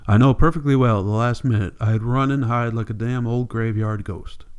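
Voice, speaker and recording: A man reading a weary old drifter, quiet drawl. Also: mid-range voice, steady tone, moderate pace, clean tone, dull audio, lightly acted. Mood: resigned. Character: weary old male drifter clinging to home.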